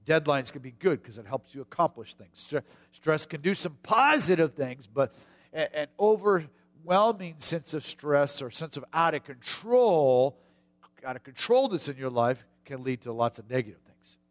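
A middle-aged man from the United States preaching a sermon, telling a personal story in a folksy way with hushed asides and sudden shouts. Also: fairly high pitch, lively intonation, moderate pace. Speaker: pastor.

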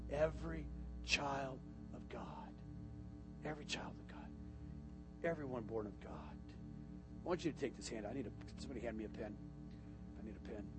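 Man preaching a sermon over music. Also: medium pitch. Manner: swings from quiet instruction to shouted climax. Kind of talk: sermon with altar call. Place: church sanctuary.

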